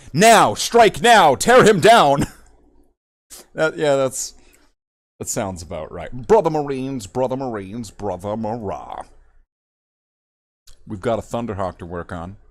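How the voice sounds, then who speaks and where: Rambling, lively-voiced male hobby streamer. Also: mid-range voice. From Canada. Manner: rambling and self-mocking, repeats words. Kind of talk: casual livestream chat while painting models.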